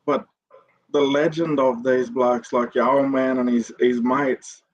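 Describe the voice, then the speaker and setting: A man's voice: medium pitch, steady tone, unhurried, poor audio. An Australian man hosting a podcast, asking questions in an easygoing, chatty way. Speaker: podcast host. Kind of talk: casual interview chat.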